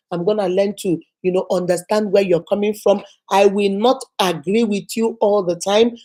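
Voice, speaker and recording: A woman's voice: fairly high pitch, warm tone. A woman hosting an inspirational channel, giving an emphatic, repetitive, preacher-like motivational talk and acting out quoted speech.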